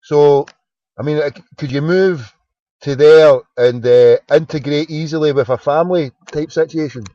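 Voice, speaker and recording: A man's voice: on the high side, normal speed, no room sound, dull audio. A Glaswegian man hosting a late-night phone-in show, chatting and joking in a rambling way and stumbling over his words. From Scotland. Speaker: radio phone-in host. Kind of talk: casual chat.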